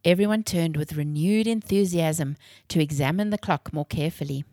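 Woman reading a kids story, clear and expressive, lowish voice, dry close sound. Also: moderate pace, no room sound.

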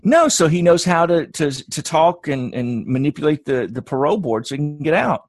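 Man, podcast co-host, casual joking chat, rambling, slightly high voice, dry close sound. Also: big pitch swings, brisk, no echo. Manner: rambling, jokey, restarts often.

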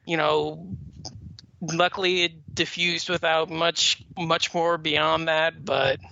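A man's voice: on the high side, flat delivery, takes it slowly, gravelly, bright, forceful tone. A man talking as a podcast guest, telling a long story in a rambling way with many fillers and restarts. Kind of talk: casual chat. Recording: dull lo-fi audio with faint noise.

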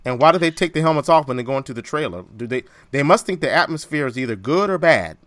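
A man hosting a podcast in casual chat, animated and jokey. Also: fairly high pitch, fast, no echo. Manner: animated, jokey, quotes lines from films. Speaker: podcast host.

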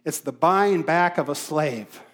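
A man preaching a sermon, emphatic, repeating key phrases and dropping to softer asides. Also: a little high, measured pace. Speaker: pastor.

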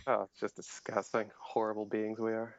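A man's voice: lowish voice, flat delivery, moderate pace. A man, a podcast guest, making dry sarcastic jokes. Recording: dull lo-fi remote call.

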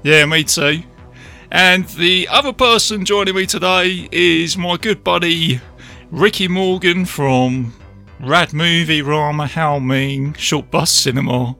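A man's voice: on the high side, slow, vocal fry, sharp tone, faint music behind. A man hosting a podcast, chatting casually with guests in a friendly, laughing way. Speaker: podcast host.

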